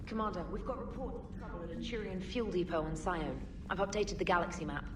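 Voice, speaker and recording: Ship's AI in a game, played by a woman, brisk reports, set back from the mic with faint hum. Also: lowish voice, distant mic, close to an everyday voice. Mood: informative.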